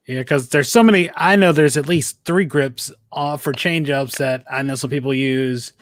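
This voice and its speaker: A man hosts a live-streamed sports podcast in a relaxed, easygoing manner, letting his questions ramble. His voice sits at a middle height for a man. The sound is dry and close, with no room echo. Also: mid-range voice, moderate pace. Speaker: podcast host. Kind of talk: live-stream interview hosting.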